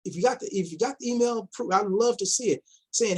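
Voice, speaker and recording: A man's voice: sits high, brisk, few pauses, darkish tone, husky. A man giving casual commentary as an investment vlogger, firing off rhetorical questions, repeating himself and mocking imagined investors in quoted voices.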